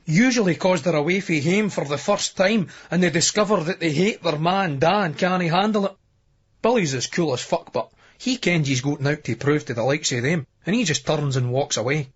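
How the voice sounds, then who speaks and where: A Scottish man reads a first-person novel in a brisk, earthy dialect, with lots of swearing. His voice sits high and a little husky. The remastered recording sounds dull and lo-fi. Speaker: audiobook narrator.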